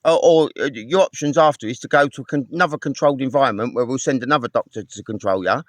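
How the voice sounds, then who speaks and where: A man's voice: mid-range voice, fast, no echo. A man ranting angrily to camera, swearing often and repeating himself as he recounts phone calls. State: homeless. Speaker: vlogger. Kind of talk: angry personal rant to camera.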